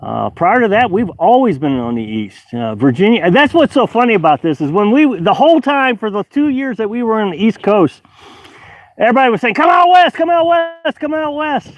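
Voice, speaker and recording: A man's voice: sits high, very animated, fairly quick, no echo, highs cut off. A man hosting a casual outdoor live stream, reading chat aloud and rambling with many fillers and restarts. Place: outdoors at a high-altitude campsite.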